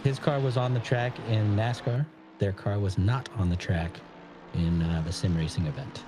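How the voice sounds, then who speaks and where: A man's voice: lowish voice, steady tone, moderate pace, noisy background. An American man co-commentating on a live sim racing stream, laid-back and analytical, laughing often. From United States.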